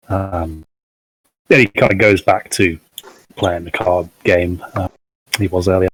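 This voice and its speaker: A man narrating a tabletop game as game master, halting and full of fillers. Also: deep voice, fairly even intonation, low-quality recording. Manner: halting, many fillers and hedges.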